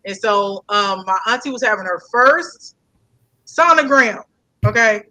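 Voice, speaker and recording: A young woman, telling a family story in casual chat, animated and fond of repeating herself. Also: medium pitch, measured pace, low-quality recording. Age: young adult.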